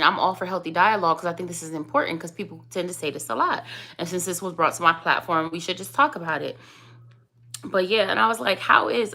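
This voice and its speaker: Hoarse, chatty mom vlogging. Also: female voice, medium pitch. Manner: chatty, animated storytelling, addresses viewers as y'all. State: hoarse, voice going out. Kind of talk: casual chat to camera.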